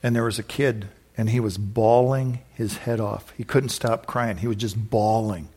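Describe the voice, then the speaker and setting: A middle-aged man preaching as a pastor, in a rambling, exuberant way with sudden whooping shouts, then leading a prayer. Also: on the low side, fairly even intonation, moderate pace. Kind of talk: sermon with closing prayer.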